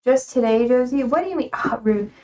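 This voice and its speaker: With a slightly high, slightly mellow voice, lively intonation, and a somewhat quick pace, a young woman streams live from her home over light background noise. She's playful and sassy by her own account, teasing her viewers and laughing frequently.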